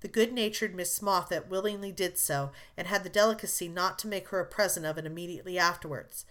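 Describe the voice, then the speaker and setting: An audiobook narrator with a lowish voice reads a classic novel aloud, measured and expressive.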